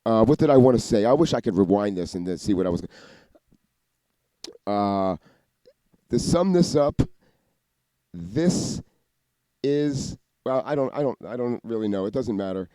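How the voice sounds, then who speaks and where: A man in a rambling monologue, talking fast and cursing a lot, often restarting and jumping between ideas. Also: on the low side, lively intonation, dark tone, dry recording. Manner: rapid, profane, restarts and jumps between ideas. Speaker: vlogger.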